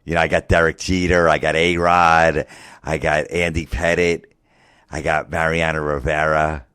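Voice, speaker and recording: A man doing a slow, dim-witted voice for a dopey middle-aged sports-obsessed man. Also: rumbling low, little pitch movement, fairly bright tone, clean tone, no room sound. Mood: dopey, earnest. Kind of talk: stand-up rant impression.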